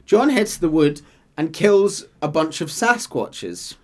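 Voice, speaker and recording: A man casually retelling a game's story as a podcast host, animated and laughing easily. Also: fairly high pitch, unhurried. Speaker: podcast host narrating game lore.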